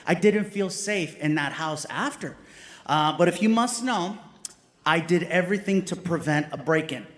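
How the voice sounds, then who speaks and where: Male stand-up comic, high voice, animated and self-deprecating, live stage delivery. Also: normal speed, roomy sound. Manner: animated, excitable, self-mocking. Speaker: stand-up comedian. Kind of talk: stand-up storytelling. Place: comedy stage before a live audience.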